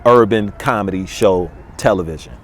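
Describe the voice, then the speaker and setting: A man's voice: low voice, normal speed. A male comedian telling stories in a casual interview, laid-back and full of filler phrases. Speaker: comedian guest. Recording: roomy echo with faint noise.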